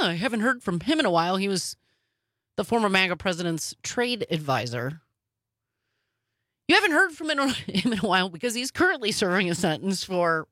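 A woman co-hosting a podcast, giving casual political commentary in a quick, sarcastic manner. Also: mid-range voice, bright, forceful tone, no room sound, studio quality. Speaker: podcast co-host.

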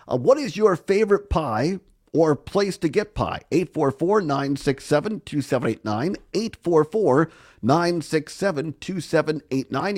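A middle-aged man hosting a casual local radio call-in show, upbeat and chatty. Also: fairly high pitch. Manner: upbeat, chatty, repeats phone numbers. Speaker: radio host.

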